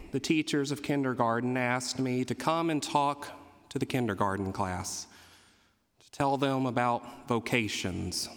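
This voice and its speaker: A man, a Catholic priest, preaching a Sunday homily with a gently humorous storytelling manner. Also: medium pitch. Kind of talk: sermon. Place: church. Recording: reverberant church hall.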